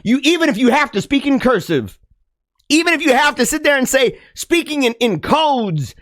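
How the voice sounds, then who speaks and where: A man delivering an impassioned monologue to his listeners, preachy and dramatic, laughing often and swinging from loud to hushed. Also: very high-pitched, big pitch swings, moderate pace, no room sound, studio quality. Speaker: podcast host.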